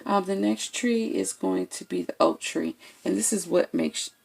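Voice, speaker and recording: A woman's voice: medium pitch, sing-song, unhurried, creaky, darkish tone, breathy edge. A woman giving a casual, blunt tarot reading to her viewers, checking in with "okay?" after nearly every point. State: has the hiccups. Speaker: tarot reader.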